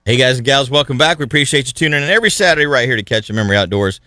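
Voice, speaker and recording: A man's voice: medium pitch, lively intonation, racing, pushed and bright, no echo. Folksy male radio host, dry sound. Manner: folksy, rambling, with many "you know" asides. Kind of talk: casual radio talk and storytelling.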